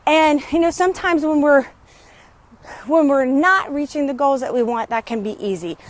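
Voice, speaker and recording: High-voiced upbeat woman vlogging outdoors. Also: normal speed. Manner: chatty, upbeat, greets neighbors mid-talk. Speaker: business coach. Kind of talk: casual motivational vlog. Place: outdoors in her neighborhood.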